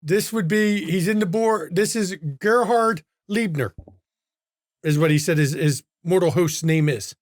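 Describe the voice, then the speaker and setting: A man's voice: high voice, unhurried, no echo, studio quality. A man narrating a tabletop role-playing game as game master, describing scenes and calling for rolls. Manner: descriptive, calls rolls and difficulties.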